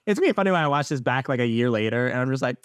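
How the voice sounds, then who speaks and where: A young man speaks straight to his podcast listeners in a medium-pitched voice, rambling and restarting as he goes, with blunt, casual swearing. The recording is dry and close, with little room sound. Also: animated, clean tone, dry recording. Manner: rambling, halting, restarts often. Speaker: podcast host. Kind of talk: candid personal podcast monologue.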